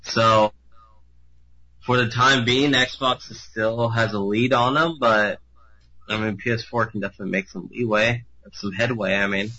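A man's voice: lowish voice, steady tone, unhurried, sharp tone, dull audio. A man co-hosting a casual gaming podcast, blunt and rambling, swearing freely as he gives his opinions. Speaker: podcast co-host.

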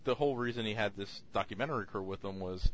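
Low-voiced man rambling with fillers. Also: fast, dull audio. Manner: rambling, hesitant with many fillers. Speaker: podcast co-host reviewing films. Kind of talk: casual chat.

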